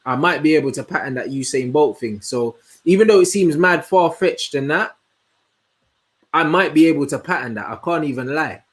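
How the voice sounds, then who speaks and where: A young man, hosting a casual livestream and chatting in an animated, slangy way as he answers comments. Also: on the high side. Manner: slangy, animated, answers chat with quick asides. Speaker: host.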